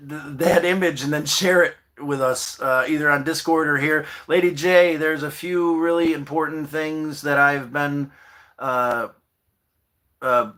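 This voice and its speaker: A man's voice: a little high, fairly bright tone. A man hosting a casual livestream from inside his bus, talking straight to viewers in an encouraging way and swearing casually. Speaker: livestream host.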